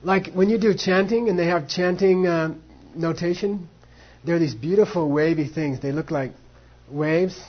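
High husky guy teaching a debate class, plays both sides, muffled lo-fi recording. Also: normal speed, hardly any pauses. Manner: lively, acts out both debaters, mixes in Tibetan phrases. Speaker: Buddhist philosophy teacher.

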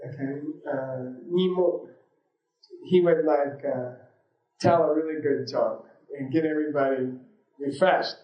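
A man with a slightly high voice teaches a class in a loose, rambling way, full of fillers, side stories and easy laughter. His voice carries a noticeable room echo, as if he is speaking in a roomy indoor space. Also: measured pace, pauses often, dull audio. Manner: rambling and informal, many fillers, laughs easily. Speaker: yoga and meditation teacher. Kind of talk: casual teaching talk with anecdotes.

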